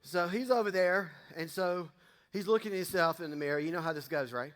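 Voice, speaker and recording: This middle-aged man's voice sits high and moves a little fast, with a fairly bright tone. He's a pastor giving a relaxed sermon full of folksy jokes for the congregation, and the sanctuary adds a long, echoing reverb.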